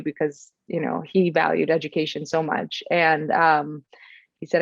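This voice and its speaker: Young woman podcast guest with a gravelly, slightly low voice. Earnest, reflective storyteller. Dull, dry recording. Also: steady tone, measured pace, dry recording. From Florida, USA. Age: young adult. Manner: earnest and reflective, many ums and restarts. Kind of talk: casual personal storytelling.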